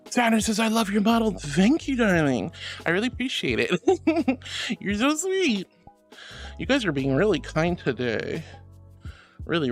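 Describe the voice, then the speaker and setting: A young woman chats on a live stream, reading out viewer messages and calling people sweetie and darling. Her pitch swoops up and down constantly. Faint music plays under her voice. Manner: affectionate, giggly, calls viewers sweetie and darling. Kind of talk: casual stream chat.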